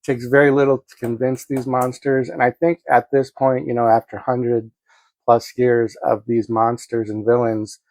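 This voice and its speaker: A man's voice: medium pitch, level tone, normal speed, darkish tone, no echo. A man giving a casual spoken movie review from his home studio, rambling with many ums and self-corrections.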